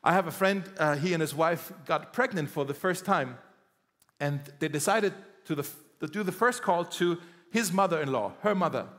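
A male pastor preaching a sermon in a conversational, animated way, acting out quoted dialogue. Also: a little high, moderate pace, big-room sound. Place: church.

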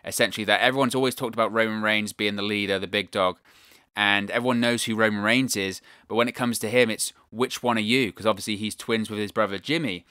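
A man's voice: fairly low pitch, normal speed, sharp tone, smooth, no echo, clean studio sound. A British man hosting a wrestling news show, giving casual commentary in an enthusiastic manner and repeating phrases for emphasis.

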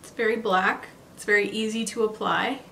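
A woman's voice: mid-range voice, steady tone, moderate pace, vocal fry, pushed and bright, slight background noise. A woman beauty vlogger chatting casually and thinking aloud as she tries out new makeup on camera. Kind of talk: casual makeup tutorial chat.

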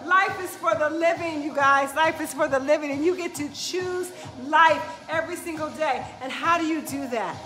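A woman fitness coach with a high voice gives her live viewers an energetic, preachy pep talk at normal speed with few pauses. Music plays behind her, and she says "right?" over and over.

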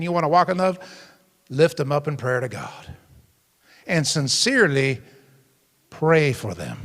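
Gravelly-voiced pastor preaching in a hall. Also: male voice, a little high, a bit bright. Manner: emphatic preaching with call-and-response asides. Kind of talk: sermon to a youth group. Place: church hall.

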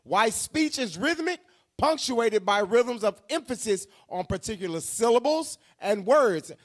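A man's voice: very high-pitched, lively intonation. A man reading scripture passages aloud to a Bible class. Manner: reads the scripture aloud in a measured voice. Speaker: scripture reader.

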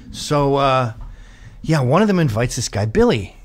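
A middle-aged man hosting a show, telling a story in casual comedic chat, profane and animated, slipping into high squealing voices to mimic others. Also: slight background noise. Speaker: show host.

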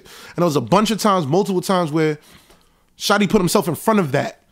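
A young man, casually recounting events in an animated storytelling monologue. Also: high-pitched, brisk. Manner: animated, reenacts conversations in a raised voice. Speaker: show host recounting events.

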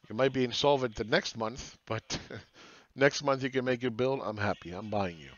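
A man's voice: medium pitch, moderate pace, few pauses, no room sound, dull audio. Blunt, profane man musing on markets. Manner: blunt, profane, rhetorical questions. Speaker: market analyst host. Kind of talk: casual monologue.

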